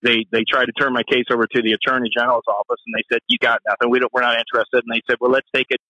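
A man, a former police officer and Marine, telling a profane story in an animated way and acting out the voices he quotes. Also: rapid-fire, no room sound, lo-fi sound. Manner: profane, acts out quoted voices with sharp pitch jumps.

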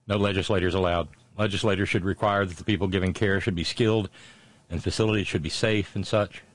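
A man's voice: deep voice, steady tone, quick pace, no room sound. A male talk show host reading out listener messages and commenting on them in a conversational way, with many filler sounds and blunt, sardonic remarks.

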